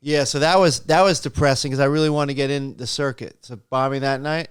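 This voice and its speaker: A middle-aged man, a stand-up comic, telling animated stories in a casual chat and acting out the voices in them. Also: mid-range voice, fairly quick, smooth.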